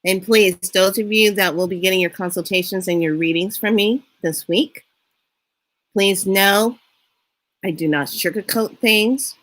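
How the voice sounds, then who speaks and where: Middle-aged woman, slow casual storyteller, lively quoted lines. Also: on the low side. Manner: unhurried, animated retelling with acted-out quotes. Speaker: spiritual reader and vlogger.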